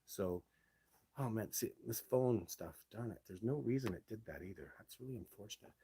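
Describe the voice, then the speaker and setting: Brash, husky-voiced man hosting live. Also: lowish voice, lively intonation, moderate pace, warm tone. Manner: blunt, brash storytelling. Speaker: live show host reading viewer comments. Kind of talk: casual live-stream chat. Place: home setup, speaking to a phone.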